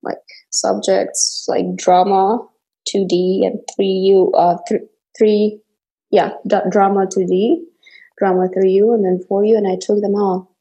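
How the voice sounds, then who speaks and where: A young adult woman from Kazakhstan speaks as a guest in a relaxed interview. Her medium-pitched voice turns animated as she tells stories, full of false starts and quick laughs. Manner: animated storytelling with frequent restarts and laughter. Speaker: actress guest. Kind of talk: casual interview conversation.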